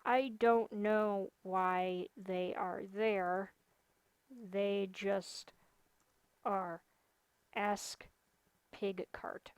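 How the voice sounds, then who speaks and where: A woman's voice: mid-range voice, steady tone, extremely slow, long pauses, clear, resonant tone, dry recording. Brief: young woman livestreamer, chatty, venting, leans hard on repeated points. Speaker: gaming livestreamer. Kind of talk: casual chat while streaming a game.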